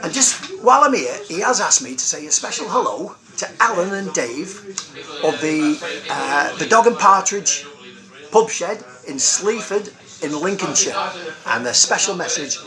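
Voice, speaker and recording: A man's voice: high voice, lively intonation, normal speed. Cheery joke-telling man in a pub. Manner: cheery, rambling one-liner delivery. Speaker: comic host in character. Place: busy pub. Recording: loud pub crowd behind.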